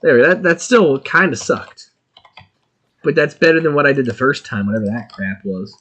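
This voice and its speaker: A man streaming a video game, chatting casually and excitably while thinking aloud about what he is doing. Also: mid-range voice, normal speed. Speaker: gaming streamer.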